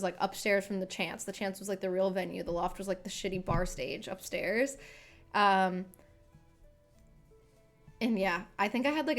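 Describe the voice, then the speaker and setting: A woman's voice: medium pitch, fairly bright tone. A young woman, a singer, chatting casually on a live stream into a desk microphone, rambling with lots of filler words.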